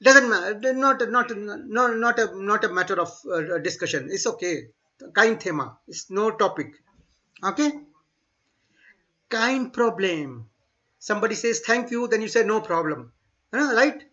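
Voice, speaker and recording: A man teaching a German class online, speaking slowly and repeating words for students to echo. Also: high-pitched, pushed and bright. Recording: dull lo-fi online class audio.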